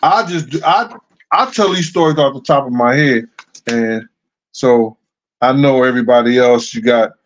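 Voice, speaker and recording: Man, middle-aged, host, casual storyteller, chuckles, repeats himself, mid pitch, slightly muffled audio. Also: normal speed. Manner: loose, repetitive, chuckling anecdotes.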